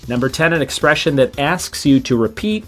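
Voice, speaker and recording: A man's voice: on the high side, animated, moderate pace, a bit bright, faint music behind. A man hosting a trivia podcast, reading each question twice and adding chatty asides between answers. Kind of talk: casual quiz reading.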